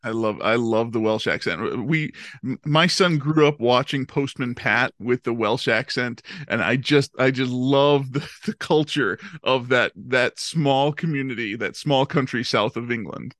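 A man's voice: mid-range voice, a little slow, few pauses, a bit bright, no room sound, studio quality. A man hosting a podcast in casual comedic chat, friendly and playful, stammering at times. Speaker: podcast host.

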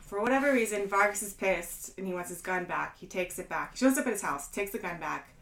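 A woman's voice: medium pitch, animated, fairly quick, creaky, a bit bright, slight background noise. A woman co-hosting a movie podcast, blunt and sardonic in casual chat. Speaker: podcast co-host. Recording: roomy echo.

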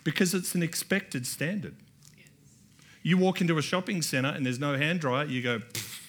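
An Australian pastor, preaching in a church hall at a normal speed, rises to emphatic repeated lines and addresses the congregation directly. His tone is fairly bright and his pitch a little high.

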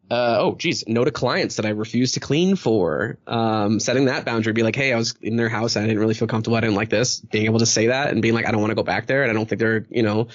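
A man's voice: medium pitch, dull audio. A man hosting a casual podcast chat, rambling with many fillers and acting out quoted dialogue. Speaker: podcast host.

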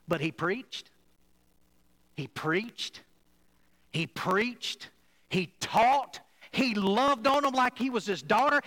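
A man preaching a sermon to a church, emphatic, swinging between loud and quiet passages. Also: high voice, rough recording. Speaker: pastor.

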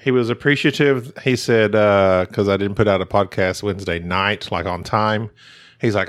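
A man co-hosting a podcast in casual chat, quick with wisecracks and jokes. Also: fairly low pitch. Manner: animated, wisecracking. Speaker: podcast co-host.

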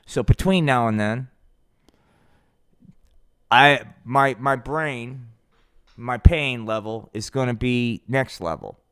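A man's voice: medium pitch, slow, pauses often, fairly bright tone, smooth, dry recording. A man hosting a podcast, improvising a comic puppet show and chatting in a loose, profane, rambling way. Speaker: podcast host.

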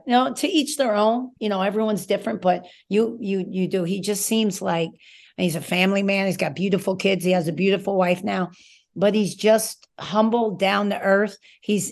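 A woman with a gravelly, fry-edged voice talks sports with a former coach's conviction. Her talk is casual and emphatic, full of rambling asides. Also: medium pitch, moderate pace. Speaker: former college coach, guest.

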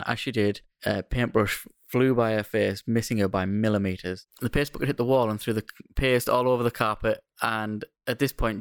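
A man reading a ghost story aloud on a podcast in a steady, measured way. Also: on the low side, smooth, no room sound, studio quality. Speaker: podcast co-host.

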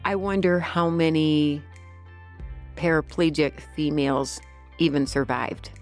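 Deep-voiced woman, earnest and reflective. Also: fairly even intonation, unhurried, soft background music. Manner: earnest and reflective, thinks aloud. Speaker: podcast co-host and scripture reader. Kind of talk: casual chat and Bible reading aloud.

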